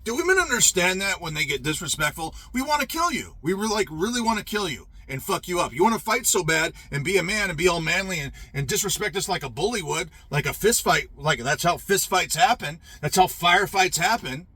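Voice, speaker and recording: A man's voice: high-pitched, animated, fairly quick, hardly any pauses, bright, forceful tone, husky, no room sound. A man ranting in a profane, rambling monologue about his service days.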